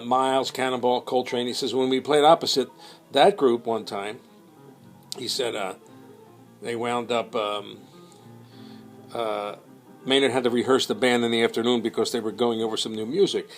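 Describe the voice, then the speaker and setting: A man telling a rambling story in a casual, unhurried way, full of ums and uhs. His pitch sits in an ordinary middle range. Faint music plays behind him. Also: flat delivery. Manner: rambling, with many fillers and quoted voices.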